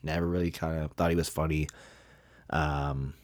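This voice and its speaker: A man's voice: very deep voice, level tone, normal speed, no echo, studio quality. A man hosting a podcast, giving blunt, profane, rambling movie reviews with lots of fillers. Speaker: podcast host. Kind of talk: casual movie review ranking.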